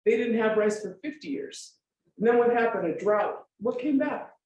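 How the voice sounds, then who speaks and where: A little mellow and mid-range, at a moderate pace, the voice comes through dull audio from far off in a very echoey room with faint ambience. At a forum, the speaker presents an informal lecture with slides, emphatic, asking rhetorical questions and often checking the audience follows.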